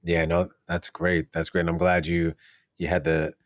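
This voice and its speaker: A man's voice: sits low, monotone, moderate pace, no room sound, studio quality. A man hosting an interview, affirming the guest and recapping her points before asking questions. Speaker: podcast host. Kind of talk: conversational interview.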